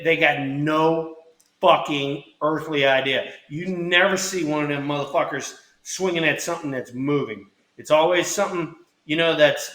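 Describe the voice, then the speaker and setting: A man's voice: fairly high pitch, fairly bright tone. A middle-aged man, co-host and former hitter, chatting casually in a blunt, profane, rambling way. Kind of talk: casual podcast chat. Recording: roomy echo.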